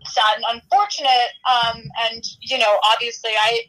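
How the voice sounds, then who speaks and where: A woman's voice: a little high, animated, moderate pace, a bit bright, low-quality recording. A woman, a magazine editor appearing as a podcast guest, talking in an earnest, conversational way. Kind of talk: casual interview chat.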